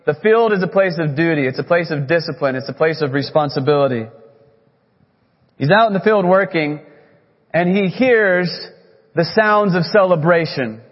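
A man preaching a sermon as a pastor, earnest, leaning on key words with slow, emphatic phrasing. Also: fairly high pitch. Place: church sanctuary. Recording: echoey hall, muffled sound.

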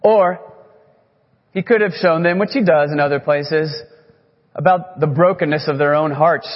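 A man preaching a sermon as a pastor, earnest, leaning on key words with slow, emphatic phrasing. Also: a little high. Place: church sanctuary. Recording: echoey hall, muffled sound.

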